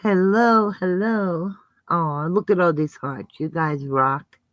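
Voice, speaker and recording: A woman chats on a casual live stream, calling out viewers and answering them with giggles and affection. She speaks slowly and easily. The recording is dry and a little dull and lo-fi. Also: fairly low pitch, no echo.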